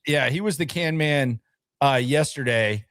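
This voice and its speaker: A man's voice: medium pitch, a bit bright, no room sound. Chatty male sports co-host, dry sound. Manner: chatty, quick asides, reads viewer comments aloud. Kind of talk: casual sports talk.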